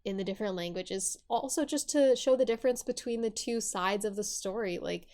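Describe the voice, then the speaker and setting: A young woman in her twenties chatting on a podcast. She talks in a loose, casual way, full of fillers and restarts. Her voice sits at an ordinary middle pitch for a woman. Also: brisk, a little mellow. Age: 20s. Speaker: podcast co-host. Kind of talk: casual chat.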